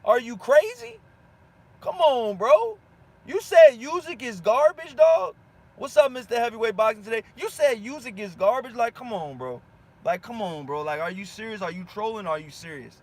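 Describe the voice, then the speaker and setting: A man's voice: extremely high pitch, animated, normal speed, darkish tone. A male boxing channel host ranting at viewer comments, fired-up and slangy, repeating himself for emphasis. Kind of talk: heated rant answering viewer comments.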